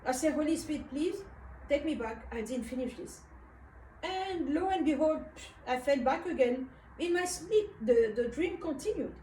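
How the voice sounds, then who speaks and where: A woman from Africa tells a dream as personal testimony. Her voice sits high and mellow, and she pauses often with small fillers. She is heard from a distance in a room with noticeable echo. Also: animated, slight background noise. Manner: unhurried, hesitant, frequent uh fillers. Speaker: speaker recounting a dream. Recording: roomy, distant from the mic.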